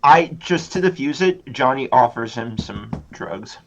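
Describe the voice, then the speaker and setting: A man's voice: medium pitch, lively intonation, measured pace, muffled recording. A man playing a tabletop role-playing game, speaking casually and stammering a little. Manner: hesitant, stammering. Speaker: player.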